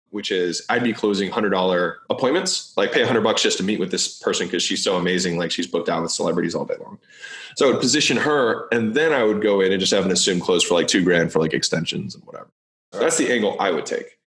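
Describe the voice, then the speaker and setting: A man talking bluntly and quickly in a casual interview over a video call, peppering his talk with "like" and "right?". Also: on the low side. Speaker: business guest being interviewed. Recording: echoey video call audio.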